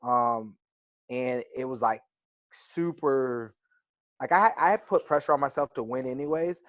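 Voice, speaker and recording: A man's voice: mid-range voice, a little slow, fairly bright tone, no echo. Reflective young man telling stories. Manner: reflective, storytelling with many fillers. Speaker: wrestler guest. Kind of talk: casual interview.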